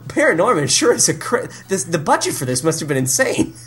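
Lively, teasing man hosting a quiz. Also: on the high side, a little fast. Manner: jokey and teasing, laughs often. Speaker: podcast host running a movie quiz. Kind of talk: casual comedic chat.

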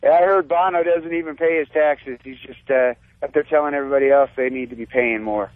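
Man, radio co-host, hesitant, halting, tinny phone-like sound. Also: on the high side, dry recording. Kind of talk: radio talk banter.

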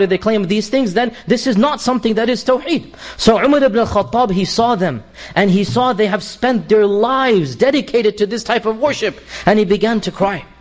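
A middle-aged man giving a Quran commentary lecture, reciting Arabic verses quickly and explaining them in English with emphatic repetition. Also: sits high. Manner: emphatic, repeats key phrases. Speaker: Islamic lecturer.

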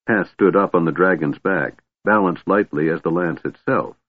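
Deep husky guy reading a fantasy audiobook, steady pace, dry phone-ish sound. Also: no room sound, phone-quality sound. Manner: steady, measured storytelling. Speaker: narrator.

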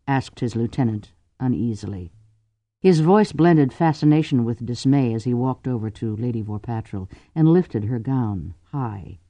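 A man narrating a novel in a measured, dramatic audiobook reading. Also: medium pitch, warm tone, dry recording. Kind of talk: scripted narration.

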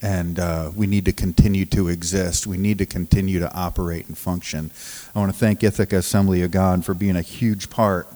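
A man preaching as a pastor of a recovery ministry, telling stories from the pulpit in a halting, restarting way and often laughing as he talks. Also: low voice, warm tone, big-room sound. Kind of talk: sermon with storytelling. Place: church sanctuary.

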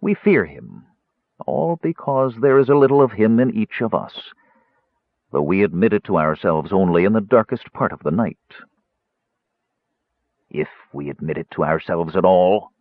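A man giving a dramatic, lively narration of a fantasy audiobook. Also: deep voice, normal speed, pauses often, no echo. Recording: tinny phone-like dry recording.

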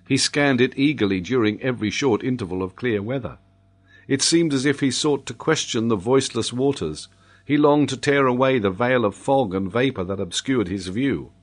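A man narrating a classic adventure novel in a measured, formal reading. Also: medium pitch. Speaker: audiobook narrator. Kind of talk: scripted narration.

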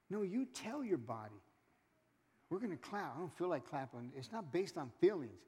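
A man's voice: on the high side, big pitch swings, normal speed, darkish tone, a little hiss or hum. A male pastor preaching a sermon, calling out to the congregation and acting out churchgoers in quoted asides. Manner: preaching with call-outs to the congregation. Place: church sanctuary. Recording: reverberant church hall with congregation.

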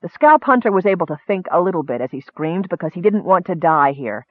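A man narrating a fantasy story in steady, vivid audiobook style. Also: high-pitched, a little fast, no echo. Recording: dry, narrow phone-like sound.

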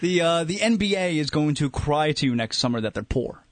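A man's voice: a little high, a little fast, dry recording. Co-host guy on sports radio, ranting, voice swings all over, dry. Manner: animated, indignant ranting. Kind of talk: radio talk show banter. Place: radio studio.

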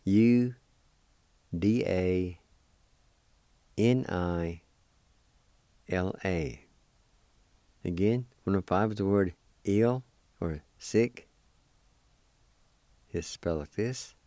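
A mellow, low-voiced man teaches a radio language lesson in a dry recording. He spells each word out letter by letter and says it again slowly, staying patient and encouraging with those listening.

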